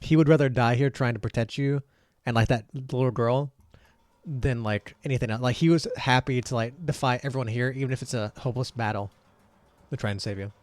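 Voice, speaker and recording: A man's voice: mid-range voice, a little fast, darkish tone, dry recording. A young man narrating a tabletop game as game master, stumbling through restarts and fillers. His mid-range voice sounds close and dry, with no room around it. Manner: hesitant, filler-heavy narration.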